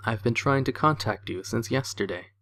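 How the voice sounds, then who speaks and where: A man voicing a doctor who gives a patient grim news in a quiet, slow, flat way. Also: mid-range voice. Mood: grave.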